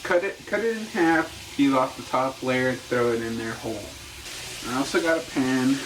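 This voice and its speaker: A young cooking vlogger with a medium-pitched voice chats at normal speed, jokey, rambling, and self-amused. He's recorded on a camera mic in his echoey home kitchen, with cooking noise and frying and sizzling in the background.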